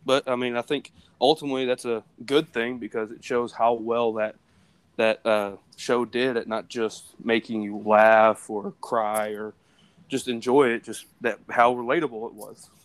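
A man's voice: medium pitch, steady tone, moderate pace, no echo. A young man co-hosting a casual podcast chat, talking earnestly and rambling with fillers. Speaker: podcast co-host.

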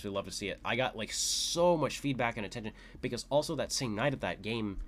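A young man hosting a podcast, telling a story casually, excitable and full of fillers, his voice leaping up when he quotes his own shouts. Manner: excitable, lots of "like" fillers, jumps to high pitch when quoting shouts. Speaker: podcast host.

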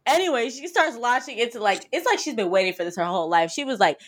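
A woman co-hosting a podcast, recapping a TV episode in casual chat, telling it with animated quotes and swearing freely. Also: on the high side, fast. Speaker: podcast co-host.

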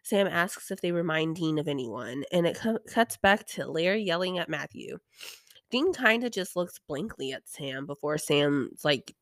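Irreverent, low-voiced young woman recapping a show. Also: unhurried, dry recording, clean studio sound. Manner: chatty, irreverent, swears freely, sighs often. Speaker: podcast host. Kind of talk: casual recap commentary.

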